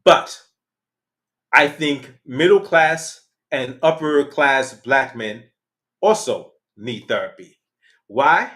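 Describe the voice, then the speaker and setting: A man's voice: mid-range voice, slow pace. A man hosting a casual livestream, talking candidly with slang and the odd curse, laughing between points. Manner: candid, animated, uses slang and swears. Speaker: channel host.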